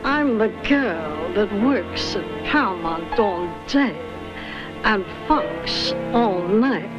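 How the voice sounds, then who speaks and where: A saucy veteran screen siren, suggestive lines, loud film score underneath. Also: female voice, mid-range voice, lively intonation, takes it slowly, dull audio. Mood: sly. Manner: suggestive, innuendo-laden quips. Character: flirtatious aging female movie star. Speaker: film star in a movie trailer clip. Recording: old film clip with loud music.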